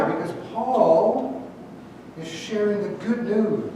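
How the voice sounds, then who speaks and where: A high-voiced male pastor delivering a sermon, pausing on rhetorical questions and slowing down to stress key words. The sound is captured from a distant mic in a very echoey church, with a faint rumble underneath. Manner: rhetorical questions, slow emphatic phrasing, drops to a hush. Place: church sanctuary.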